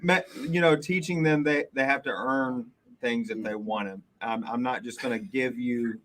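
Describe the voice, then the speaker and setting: A man's voice: mid-range voice, normal speed, a bit bright, slight background noise, rough recording. A man, a guest on a live podcast, speaking earnestly about firm parenting.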